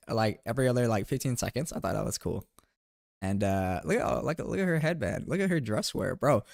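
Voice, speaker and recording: A man's voice: mid-range voice, no room sound, studio quality. A young man casually chatting about his trip photos, rambling and playful, often saying "bro" and asking viewers to weigh in. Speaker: streamer recapping a trip. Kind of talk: casual chat over photos.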